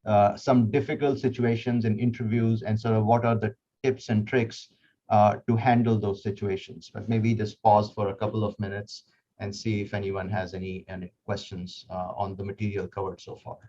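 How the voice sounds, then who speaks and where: A man's voice: fairly low pitch, flat delivery, moderate pace, warm tone. A man leads an online workshop on interview skills in a loose, conversational way, often circling back with fillers and restarts. His video call audio sounds a little muffled, with faint background hum. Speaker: interview coach giving a workshop talk.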